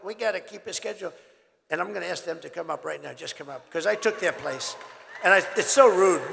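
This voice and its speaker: An older man giving a rambling, boastful campaign rally speech, his voice hoarse and worn, swinging between loud shouts and low asides. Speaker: political candidate at a rally. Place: large rally venue. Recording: reverberant hall with crowd and faint noise.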